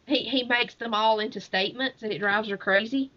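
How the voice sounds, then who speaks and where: On dull lo-fi audio, a podcast co-host chats casually about books, retelling a story with animation and frequent laughter. Her voice is fairly high, brisk, bright and forceful.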